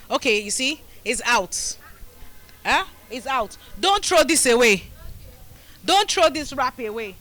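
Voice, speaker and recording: Bright, high-voiced Nigerian woman educator. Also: sing-song, slow, poor audio. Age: middle-aged. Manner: rousing, call-and-response, coaxing the crowd. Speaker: community health educator. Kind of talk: live demonstration talk to a group. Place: community gathering.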